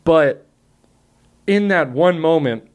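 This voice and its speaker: A man hosting a podcast in casual chat, his voice sitting a bit high. He tells stories in an animated way, swears freely and keeps breaking into laughter. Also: slow pace, smooth. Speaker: podcast host.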